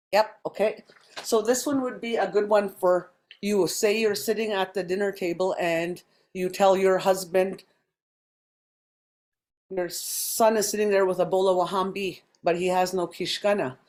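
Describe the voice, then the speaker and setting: A woman teaching a language class over a video call, explaining step by step with frequent pauses and ums. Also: mid-range voice, steady tone, a little mellow.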